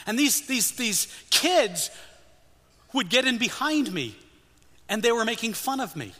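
An older man preaching a sermon as a missionary, animated and humorous, leading the congregation in call-and-response. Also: very high voice, unhurried, long pauses. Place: church sanctuary. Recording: long reverb of a church hall.

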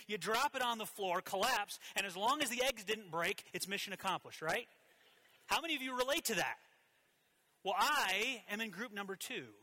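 A man in his thirties preaching a sermon in a church, telling a personal story with animated swings between loud and hushed delivery. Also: sits high. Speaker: pastor.

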